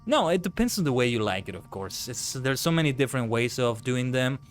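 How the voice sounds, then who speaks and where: A man chatting on a live gaming stream who breaks into animated, swearing rants. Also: medium pitch, fairly quick, soft background music. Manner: ranting, swears freely, animated outbursts. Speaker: VTuber streamer. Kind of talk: casual live-stream chat while gaming.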